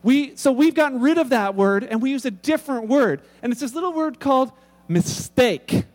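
High-voiced pastor in a reverberant hall. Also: male voice, lively intonation, moderate pace, a little mellow. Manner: casual, humorous storytelling with many restarts. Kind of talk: sermon.

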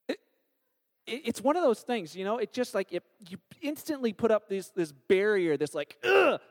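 Pastor guy preaching, very high voice, acts out quotes, big echoey church sound. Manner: animated storytelling with acted-out quotes. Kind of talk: sermon. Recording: long hall reverb.

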